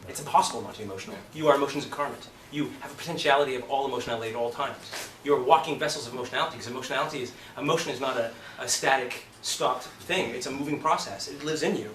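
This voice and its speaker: A man's voice: mid-range voice, rapid-fire. Guy teaching acting, swears a lot, acts stuff out, far from the mic in a roomy studio. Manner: animated storyteller, swears, acts out scenes. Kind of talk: talk to an acting class. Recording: roomy, distant, noisy room recording.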